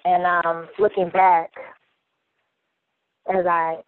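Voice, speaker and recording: A woman's voice: lowish voice, flat delivery, drawn-out words, no echo. Woman around 40, podcast guest, earnest and reflective, tinny phone-like sound. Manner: earnest, repeats phrases while thinking aloud. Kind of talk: reflective personal storytelling. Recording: tinny phone-like line, dry.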